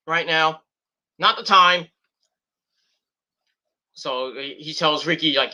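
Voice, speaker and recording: A man's voice: fairly high pitch, slow pace, pauses often, bright, forceful tone. A man casually reviewing a wrestling show, rambling with lots of fillers and mocking paraphrases of what people said.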